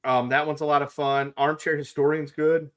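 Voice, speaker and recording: A man's voice: on the high side, flat delivery, moderate pace, over a noisy crowd. A man co-hosting a pop culture chat show, joking and rambling and swearing casually. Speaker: podcast co-host.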